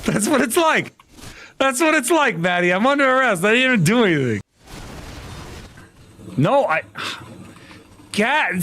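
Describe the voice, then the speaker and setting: A man's voice: high-pitched, big pitch swings, normal speed, pauses often, fairly bright tone. A young adult man streaming a game live, chatting casually and playfully protesting his innocence with frequent laughter. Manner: playful, mock-indignant protesting, laughing often.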